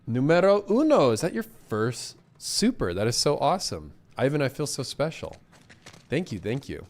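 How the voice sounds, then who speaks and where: A man's voice: medium pitch, big pitch swings, moderate pace. A man streaming a game live, chatting casually and cheerfully thanking donors, a bit congested. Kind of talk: casual live gameplay commentary.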